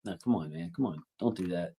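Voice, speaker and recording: A man's voice: low voice, a little fast, warm tone, breathy edge. A man in his thirties hosting a casual sports livestream, rambling through thanks to his chat with lots of fillers.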